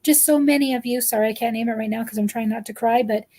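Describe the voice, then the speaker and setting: A woman's voice: on the high side, fairly even intonation, quick pace, dark tone. A woman guest on a live chat, speaking earnestly and emotionally as a parent, often repeating her words. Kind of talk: heartfelt live-stream chat.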